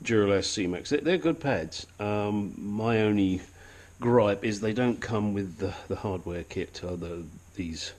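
Man, husky voice, slow unhurried delivery, casual car repair walkthrough. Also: on the low side, a little mellow. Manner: chatty, swears casually, rambles with asides; puts on a silly accent at times. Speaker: home mechanic channel host. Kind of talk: casual how-to narration while working.

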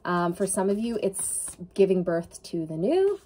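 A woman's voice: mid-range voice, big pitch swings, unhurried, warm tone, a little hiss or hum. A woman giving an intuitive tarot reading to camera, talking in an earnest, emotional way with many fillers. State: tearful at times. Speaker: tarot reader.

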